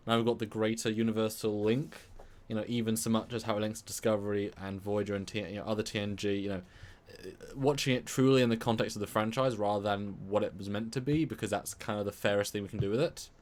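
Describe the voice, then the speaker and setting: Low-voiced man, rambling casual chat. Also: fairly even intonation, quick pace, few pauses, a little mellow. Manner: rambling, repeats words as he thinks. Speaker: co-host. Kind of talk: casual live-stream chat.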